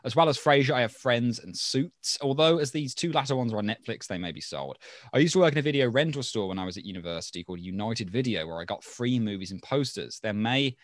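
A man's voice: medium pitch, animated, quick pace, no room sound. Man, podcast co-host, dry sarcastic humor, reads listener mail, close and dry sound. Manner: dry, joking, sarcastic asides. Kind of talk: casual chat, reading listener mail.

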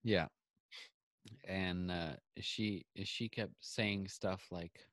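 Casual low-voiced man retelling a story. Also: takes it slowly, no room sound. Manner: animated retelling with quoted back-and-forth. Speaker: podcast co-host. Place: home, on a video call.

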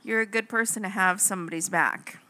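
A woman co-hosting a casual chat podcast, telling stories in an animated, laughing way. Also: mid-range voice, brisk. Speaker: podcast co-host.

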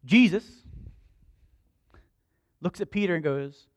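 Male pastor, animated storytelling sermon, swooping pitch, dry close sound. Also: measured pace, no echo. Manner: animated, conversational storytelling with humor.

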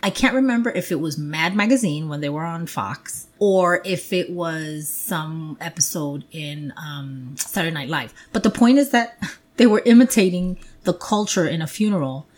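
A woman co-hosting a casual talk show, an expressive storyteller who talks in an animated way. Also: low-pitched, normal speed. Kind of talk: casual conversation.

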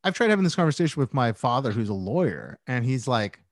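A man's voice: medium pitch, big pitch swings, fast talker, dry recording, clean studio sound. A man on a podcast telling a story in casual chat, rambling and profane with a self-mocking edge. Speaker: podcast co-host.

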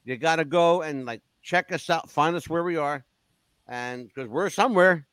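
A man's voice: a little high, moderate pace, a bit bright, clean tone, no room sound. A man hosting a podcast, reeling off plugs in a joking way with crude asides. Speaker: podcast host. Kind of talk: casual podcast chat.

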